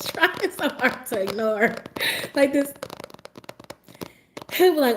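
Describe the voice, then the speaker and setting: A woman livestreamer telling stories in a sassy, animated way and laughing often as she talks. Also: high-pitched, takes it slowly, slight background noise. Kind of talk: casual livestream storytelling.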